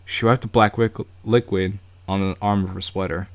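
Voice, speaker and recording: A man's voice: deep voice, fairly even intonation, moderate pace. A man streaming a game, reading its narration aloud and breaking off for joking asides. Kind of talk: casual live-stream read-through.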